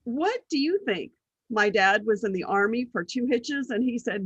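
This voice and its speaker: The guest, a middle-aged business strategist, has a slightly high, husky voice and speaks at a moderate pace in a casual interview. She recounts life stories with acted-out quotes and frequent laughter, on lo-fi audio without room sound.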